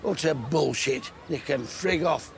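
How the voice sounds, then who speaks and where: An actor with a Sheffield accent playing a blunt, crude, middle-aged dad who swears freely in a sitcom. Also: male voice, fairly high pitch, unhurried, creaky. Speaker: father. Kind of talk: sitcom acting.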